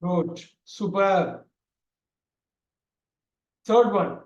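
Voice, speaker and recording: A man teaching an online grammar class, talking loudly and repeating himself with many fillers. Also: high-pitched, extremely slow, muffled recording. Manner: loud, repetitive explaining with many fillers. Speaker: English teacher. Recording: echoey room.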